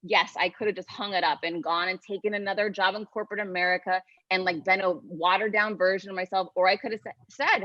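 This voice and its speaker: A woman talks as a podcast guest, emphatic and full of motivational energy. Her voice sits in a middle pitch. The sound is dry and a bit dull, like lo-fi audio. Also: fairly even intonation, fast, few pauses, pushed and bright, no echo. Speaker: guest author. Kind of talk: podcast interview.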